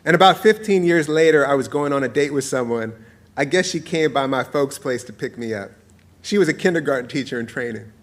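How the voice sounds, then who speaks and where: Reading his essay to a crowd, a forties-aged author tells his story with warmth and playfulness, laughing often. His mid-range voice is expressive and his pace fairly quick.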